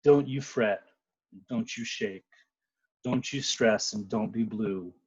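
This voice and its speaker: A man giving a dramatic spoken word poetry reading, with sudden loud outbursts. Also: on the low side, takes it slowly, husky, no echo. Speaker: poet. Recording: muffled lo-fi sound.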